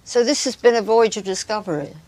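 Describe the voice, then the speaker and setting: A woman's voice: on the high side, brisk, a little mellow. A British woman presenting a documentary, putting direct, pointed questions to her guest. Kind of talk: probing documentary interview.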